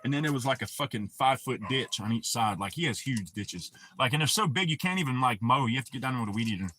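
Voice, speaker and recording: A man's voice: mid-range voice, animated, quick pace, bright, forceful tone, a little hiss or hum. A man hosting a livestream, telling profane, rambling stories in casual talk and answering his chat. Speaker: livestream host.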